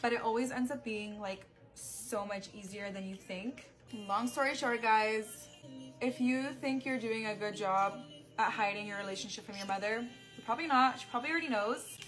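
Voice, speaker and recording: Young woman with a higher voice, chatty storyteller, light music underneath. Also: moderate pace, fairly bright tone. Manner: chatty, full of "like" fillers. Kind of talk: casual storytime while getting ready.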